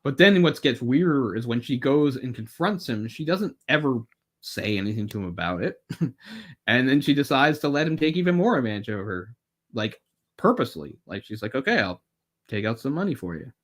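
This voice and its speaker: A man's voice: medium pitch, expressive, normal speed. A man co-hosting a podcast, chatting casually and wryly about a film, rambling and swearing now and then. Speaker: podcast co-host.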